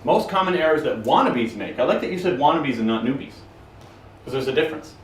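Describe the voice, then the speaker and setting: A man's voice: a little high, lively intonation, fast talker. A man speaking casually to a live audience and taking their questions, blunt and profane with a joking tone. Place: conference room with an audience. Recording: roomy, from a distance, faint noise.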